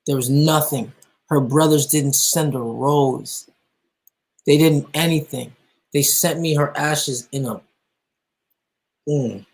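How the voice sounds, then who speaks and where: A young man, a musician guest, telling his personal story with emotion, halting and full of restarts and fillers. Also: a little high, vocal fry, low-quality recording.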